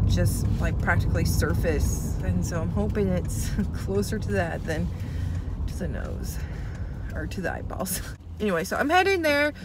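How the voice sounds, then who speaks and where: A woman travel vlogger chatting casually in a rambling, venting way, with a stuffy, runny nose. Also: medium pitch. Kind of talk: casual vlog chat. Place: in a car by a busy road. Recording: steady traffic noise.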